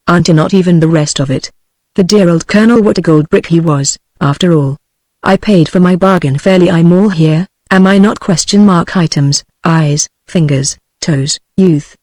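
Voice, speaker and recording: A woman's voice: lowish voice, a little mellow, no echo, lightly acted. A synthetic woman's voice with a British accent, reading the lines of a witty, theatrical young society woman in a text-to-speech audiobook. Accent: British English.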